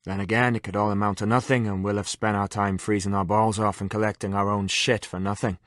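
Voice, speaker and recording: A man voicing a crude, wry male army corporal with a soft Irish accent in an audiobook. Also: fairly low pitch, level tone, brisk, dry recording, clean studio sound, close to an everyday voice. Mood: wry grumbling. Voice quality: soft-spoken.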